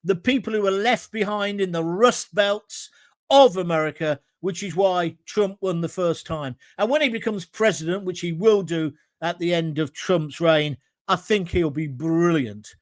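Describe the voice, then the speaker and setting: A man's voice: sits high, moderate pace, no room sound, studio quality. A middle-aged British man hosts a live opinion talk show and reads out viewer comments in a combative, ranting manner. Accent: British English. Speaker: host.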